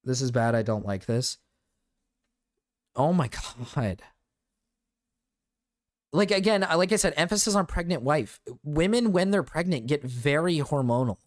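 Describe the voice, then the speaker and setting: A man streaming live as he reacts to a video, excitable, stammering often and swearing freely. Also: a little high, measured pace, long pauses, dry recording, studio quality.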